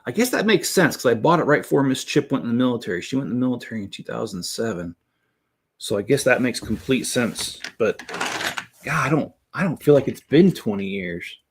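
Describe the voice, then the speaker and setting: A man's voice: fairly low pitch, husky. A middle-aged man hosting a casual building stream, rambling as he talks to viewers in the chat. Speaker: Lego building channel host.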